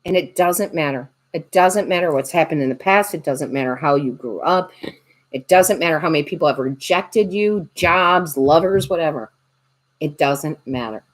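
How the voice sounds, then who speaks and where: Woman, low voice, tarot reader, casual livestream chat, jokey, reads comments aloud. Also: normal speed.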